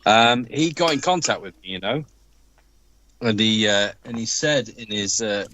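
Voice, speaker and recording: A man's voice: fairly low pitch, a little slow, bright, forceful tone, a little hiss or hum, rough recording. An Englishman co-hosting a livestream in casual chat, enthusiastically describing things in lavish terms. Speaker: livestream co-host.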